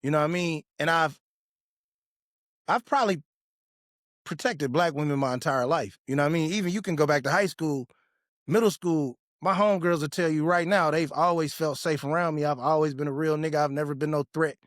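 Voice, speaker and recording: A man's voice: a little high, fairly quick, no room sound, clean studio sound. A man hosting his own podcast, telling a personal story in a casual, blunt way full of street slang and profanity. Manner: animated when retelling confrontations. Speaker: podcast host.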